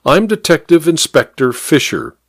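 Man as a woman detective, polite, assertive, dry wit, lively pitch. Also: normal speed, no echo. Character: polite but assertive female detective inspector, dry humor.

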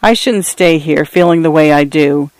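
A man reading the part of a gentle, wistful old pioneer grandfather in an audiobook. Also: fairly high pitch, moderate pace, no echo, close to an everyday voice. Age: older.

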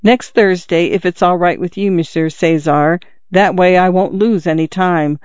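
A woman's voice: lowish voice, normal speed, a little mellow, smooth, no room sound, natural voice. A man voicing a grieving young housekeeper who pleads tearfully and emotionally, in a dull lo-fi recording. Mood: coaxing.

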